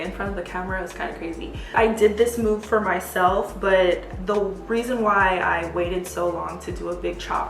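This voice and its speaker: A woman's voice: medium pitch, fairly bright tone. A young adult woman chatting casually to camera as a vlogger, with lots of "like" and "you guys". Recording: echoey room, faint background music.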